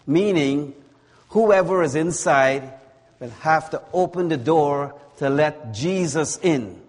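A man preaching a sermon in a slow, deliberate way, leaning on words through repetition. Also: medium pitch. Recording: long hall reverb.

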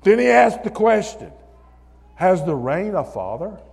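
Preacher, male, high and unhurried, sermon with ringing reverb. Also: sing-song, gravelly. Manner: rising to shouted hallelujahs, calls on listeners by name. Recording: long reverb of a hall.

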